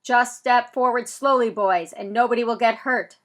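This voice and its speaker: A woman voicing a stern male police officer who booms orders through a loudspeaker in an audiobook. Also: steady tone, normal speed, lightly acted. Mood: commanding. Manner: loud, commanding.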